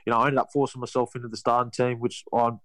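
A man's voice: mid-range voice, flat delivery, very fast, fairly bright tone, dry recording, low-quality recording. A young Australian man telling a story in a casual interview, rambling, with many restarts. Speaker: guest, rugby league player.

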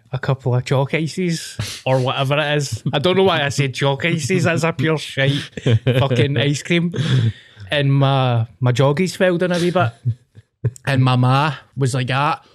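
Sweary Scottish man telling stories. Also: medium pitch. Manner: storytelling, sweary, laughing. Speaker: podcast co-host. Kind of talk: casual chat.

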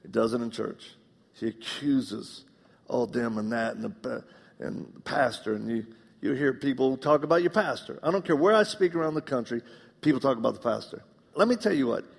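A middle-aged man preaching a live sermon, animated and joking, acting out the voices in his stories. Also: medium pitch, fairly quick, vocal fry, husky. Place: church auditorium. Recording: long reverb of a large hall.

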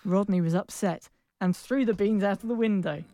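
A woman narrates a comic fairy tale aloud in a playful way. She pauses to laugh when she stumbles and then carries on with the story. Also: medium pitch, dark tone, no echo, soft background music. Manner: playful, laughing at own slips.

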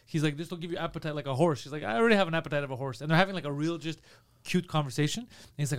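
Young guy cohosting a comedy podcast, kinda high voice, swears a lot, acts out everybody he talks about. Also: racing. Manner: animated, swears often, acts out quotes in silly voices. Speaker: podcast co-host. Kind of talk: casual comedic chat.

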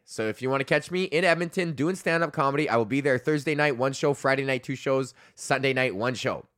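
A young Canadian man hosts his own comedy podcast with a slightly high, fairly bright voice. In this solo comedic rant he rambles and swears, laughs often, and slips into mock voices.

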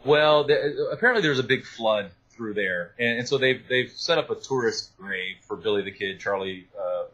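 A man, an author, talking through his research in an animated interview, with many restarts and asides. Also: mid-range voice, normal speed, slightly rough, rough recording. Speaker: author and guest. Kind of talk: interview conversation.

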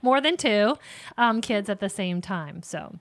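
A woman's voice: mid-range voice, expressive, measured pace. A middle-aged woman hosting a faith-based parenting advice chat, earnest and chatty, often acting out little example conversations.

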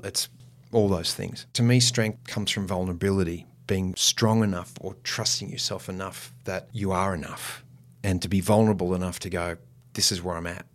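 Reflective man, low voice. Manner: reflective, unhurried, slows for emphasis. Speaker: podcast guest, actor. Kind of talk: casual chat.

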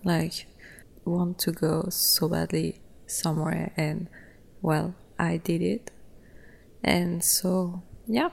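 Slow, gravelly woman telling a travel story. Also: on the low side. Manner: relaxed, chatty, laughs often between phrases; loose, simple phrasing with frequent "like" and "yeah". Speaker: podcast host.

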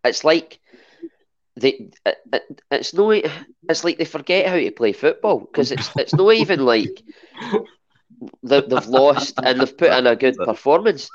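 A man's voice: medium pitch, expressive, a little slow, lo-fi sound. A Scottish man chatting as a podcast guest, hesitant and full of restarts. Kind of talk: casual chat.

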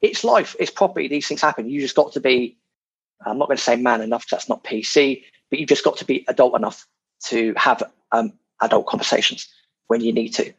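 A man's mid-range, somewhat rough voice moves a bit fast as he chats about property on a podcast. The interview is casual and lively, with occasional swearing and repeated words, and the sound quality is dull and lo-fi.

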